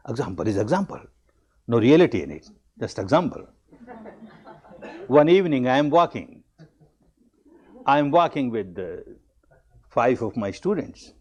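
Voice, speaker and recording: A man's voice: medium pitch, darkish tone. A man who teaches meditation, giving a dhamma discourse. He tells a story with animation and repeats key phrases for emphasis.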